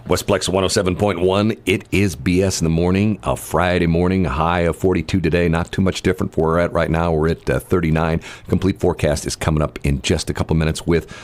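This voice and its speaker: A man's voice: deep voice, little pitch movement, fast, hardly any pauses. A man co-hosting a morning radio show in casual banter, rambling with many fillers and restarts, speaking into a studio microphone.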